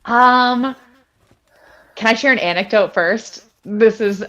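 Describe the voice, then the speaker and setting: A woman from Boston joining a livestream as a guest over a video call, giggly and animated. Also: fairly high pitch, takes it slowly, dull audio. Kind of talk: casual livestream chat. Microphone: headphones on a video call.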